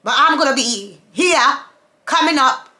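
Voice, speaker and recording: A woman vents straight to camera, repeating herself for emphasis and firing off rhetorical questions. Her voice is bright and a little high, sharp rather than mellow. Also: lively intonation, unhurried. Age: adult, mother of several children. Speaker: vlogger. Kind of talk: casual monologue to camera.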